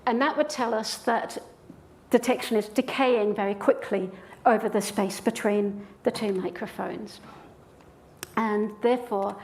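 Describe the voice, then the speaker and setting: Lady prof giving a lecture in a hall, kinda high voice, really keen, walks through it step by step. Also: a little mellow. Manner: enthusiastic, explanatory. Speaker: statistics professor giving a lecture. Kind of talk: public lecture.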